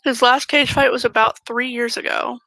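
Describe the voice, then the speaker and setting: A woman's voice: on the high side, steady tone, moderate pace, creaky, sharp tone, dry recording, poor audio. A woman playing a tabletop role-playing game, speaking bluntly with frequent swearing. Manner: blunt and profane. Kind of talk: casual tabletop role-play chat.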